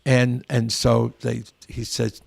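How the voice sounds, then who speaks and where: A man's voice: medium pitch, completely flat delivery, slow, gravelly, no room sound. An older man, a veteran guest, telling stories in a rambling, earnest way with frequent restarts. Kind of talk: casual storytelling interview.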